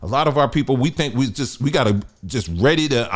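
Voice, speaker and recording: A man's voice: mid-range voice, lively intonation, brisk, hardly any pauses. A man hosting a podcast, giving emphatic, preachy advice in a casual monologue. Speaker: podcast host.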